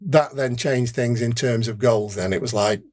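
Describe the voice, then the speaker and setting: A man's voice: medium pitch, normal speed, darkish tone. An older man with a Derbyshire accent, a former racer recounting his career in a rambling, casual way, restarting sentences and acting out dialogue. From England. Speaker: podcast guest, former motorbike racer. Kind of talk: casual interview storytelling.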